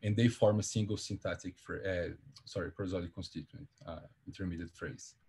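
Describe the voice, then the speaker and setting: A man's voice: sits low, steady tone, brisk, darkish tone, husky. A man presenting an academic seminar, explaining carefully with frequent fillers and self-corrections.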